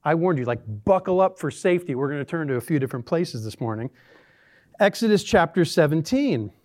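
A man's voice: on the high side, lively intonation, fairly quick, a little mellow. A man preaching a sermon as a pastor in a church, conversational and dryly sarcastic. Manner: conversational, dry sarcastic humor.

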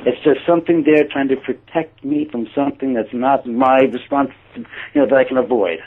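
A man casually telling a personal story, acting out his own quoted thoughts with lively shifts. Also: mid-range voice, moderate pace. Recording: tinny phone-like line.

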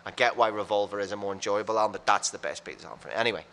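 A man, a radio presenter, telling rapid, blunt anecdotes in casual chat on a podcast. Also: fairly low pitch, level tone, a bit bright.

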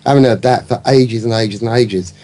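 A man's voice: mid-range voice, fairly quick, warm tone. Guy on a football chat show, rambly and cheeky, lots of uhs. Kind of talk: casual fan chat.

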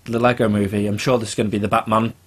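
A man's voice: fairly low pitch, flat delivery, racing. A man co-hosting a podcast, telling stories in a rambling casual way. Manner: rambling storyteller, full of fillers. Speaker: podcast co-host. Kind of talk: casual chat.

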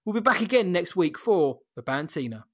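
A man's voice: sits high, sing-song, a little fast, a little hiss or hum. A man co-hosting a podcast, chatty and jokey, wrapping up the episode. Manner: jokey, chatty, wraps up the show. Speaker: podcast co-host. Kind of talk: casual podcast chat.

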